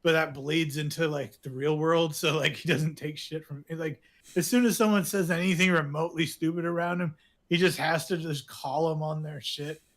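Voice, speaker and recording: A man's voice: on the high side, fairly even intonation, moderate pace, fairly bright tone. A man co-hosting a podcast, chatting casually about shows he likes, rambling with lots of filler words and frequent laughs. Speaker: podcast co-host. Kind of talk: casual chat recommending shows.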